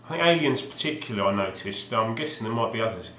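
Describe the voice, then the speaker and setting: A man's voice: fairly low pitch, animated, fast talker, bright, forceful tone. Hesitant, wry male vlogger with a mid-range voice, recorded at home in a reverberant room. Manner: hesitant, restarts often, wry. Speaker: video game collector vlogger. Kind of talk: rambling casual monologue. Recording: roomy echoey home recording.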